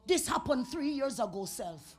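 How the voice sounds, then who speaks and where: Jamaican woman preacher, whispers to shouts. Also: high-pitched, expressive, a little slow, soft background music. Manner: swings from whispers to shouting, chanted tongues. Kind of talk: revival sermon. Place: church sanctuary.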